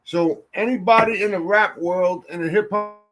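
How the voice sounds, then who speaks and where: A man hosting a podcast in casual chat, loud, boisterous and profane. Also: high-pitched, normal speed, low-quality recording. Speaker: podcast host.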